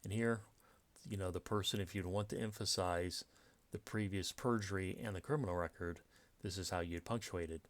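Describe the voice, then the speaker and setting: A man's voice: low-pitched, fairly even intonation, normal speed, no room sound. A man giving a step-by-step lecture on punctuation from slides, with frequent fillers and restarts. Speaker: writing teacher. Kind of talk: slide-based grammar lecture.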